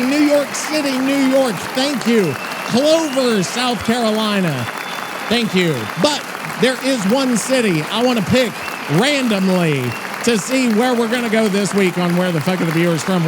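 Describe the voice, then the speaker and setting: A man co-hosting a gaming podcast, talking loudly and casually, swearing often and rambling with restarts. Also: extremely high pitch, very noisy. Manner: loud, profane, rambling with restarts. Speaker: podcast co-host.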